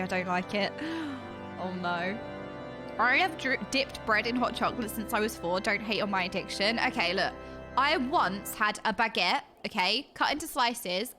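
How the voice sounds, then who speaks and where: A young woman with a voice on the high side and a sharp tone is streaming a game. Bubbly and giggly, she chats casually with viewers and reacts to their messages while background music plays.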